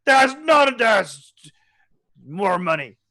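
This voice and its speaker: A game master voicing a boisterous, greedy male pirate boss who growls and shouts his lines. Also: medium pitch, big pitch swings, drawn-out words, no echo, clean studio sound, pitched above the performer's own voice, exaggerated voice. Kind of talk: tabletop role-play character voice.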